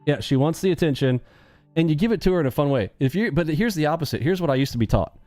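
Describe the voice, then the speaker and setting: Joking live-stream host, male, mellow dark voice, faint music behind. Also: a little high, no echo. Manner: joking, animated, acts out quick bits of dialogue. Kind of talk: casual live-stream chat.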